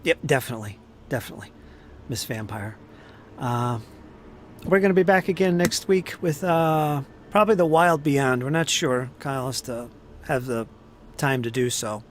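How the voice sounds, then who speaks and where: A man running a tabletop game, wrapping up the session in a relaxed, joking way while tired from no sleep. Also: medium pitch, moderate pace, a little hiss or hum. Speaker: game master. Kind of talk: post-session wrap-up chat.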